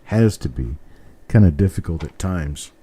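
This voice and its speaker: An older man with a general American accent hosts a live coin roll hunt stream, chatting with viewers in a rambling, easygoing way and chuckling often. His deep, dark voice is animated and slightly breathy, at a moderate pace.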